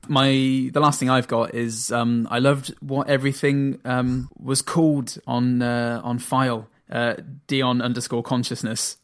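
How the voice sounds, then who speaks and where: A man's voice: medium pitch, little pitch movement, measured pace. A man co-hosting a casual film review podcast, easygoing, chuckling often and reading out listener comments. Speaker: podcast co-host.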